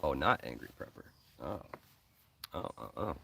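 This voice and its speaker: A very animated man from New York's Hudson Valley hosts a preparedness live stream, his bass voice creaky and sharp at a normal speed. Friendly and rambling, he answers viewers with plenty of ums and uhs, tossing in "man" and "bro." The mic is distant and there's a little hiss or hum.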